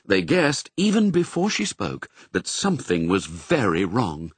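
A man narrating a children's storybook, expressive and varied. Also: on the low side, measured pace, breathy edge, dry recording. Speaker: audiobook narrator.

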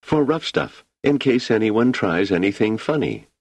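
A man reads as a nervous young assistant who begs his superior to stay out of trouble. The voice sits higher than the narrator's own and jumps around in pitch, and it keeps a husky grain. The recording is dry and close, with no room sound. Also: lively intonation, a little slow, a little mellow, no room sound, heavily acted. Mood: anxious. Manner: pleading, nervous. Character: anxious young male assistant.

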